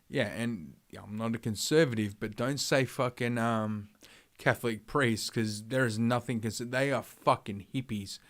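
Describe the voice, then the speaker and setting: A man streaming live, ranting through his opinions in a rambling, profane way, full of fillers and restarts. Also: medium pitch. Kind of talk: livestream commentary rant.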